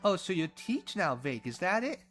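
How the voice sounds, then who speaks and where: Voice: mid-range voice, very animated, moderate pace, fairly bright tone, soft background music. A performer voicing a cheerful young woman cleric who teases her friends. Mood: teasing. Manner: bubbly, teasing.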